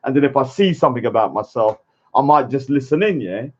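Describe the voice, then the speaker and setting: A man's voice: medium pitch, lively intonation, fast, darkish tone. A man, ranting casually on a livestream and arguing his point, often tagging lines with "yeah?". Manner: argumentative, keeps adding "yeah?" tags. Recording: dull lo-fi stream audio.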